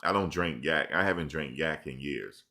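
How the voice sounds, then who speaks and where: A man talks loosely into his streaming camera, with a very low voice. His tone is bright and forceful as he rambles through slangy stories and answers viewers' questions. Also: normal speed. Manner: loose, rambling storytelling with slang, reads chat questions aloud. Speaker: live-stream commentator. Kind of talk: casual live-stream chat. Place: at home in front of a camera.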